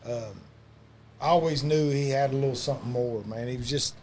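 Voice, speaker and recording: A man's voice: medium pitch, fairly quick, a little mellow. A man telling loose, profane wrestling stories in a casual chat, full of fillers and asides. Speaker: wrestling podcast guest.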